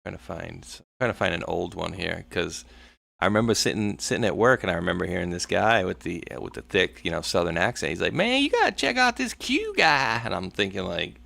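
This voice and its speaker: Gravelly deep-voiced male livestream host. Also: fairly even intonation, fairly quick, a bit bright, dry recording. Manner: chatty, storytelling, acts out quotes. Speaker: show host. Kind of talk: casual livestream chat.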